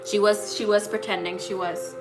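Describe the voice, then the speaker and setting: Woman vlogger, blunt and profane, replays conversations as she tells them; music bed clearly audible. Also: mid-range voice, little pitch movement, moderate pace. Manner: blunt, profane, retells dialogue animatedly. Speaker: psychic tarot reader. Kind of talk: candid personal storytelling. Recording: clear music playing under voice.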